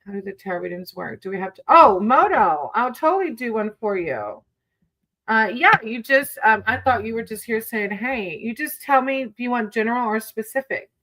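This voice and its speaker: A woman's voice: fairly high pitch, expressive, normal speed, sharp tone, low-quality recording. A woman hosting a casual livestream, chatting with viewers between tarot readings, giggling often and calling people sweetie.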